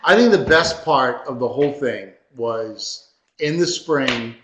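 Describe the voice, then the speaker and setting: A man's voice: medium pitch, takes it slowly, roomy sound. A man co-hosting a podcast, telling anecdotes in a casual chat and laughing as he goes. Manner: animated storyteller who laughs through his anecdotes. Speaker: podcast co-host.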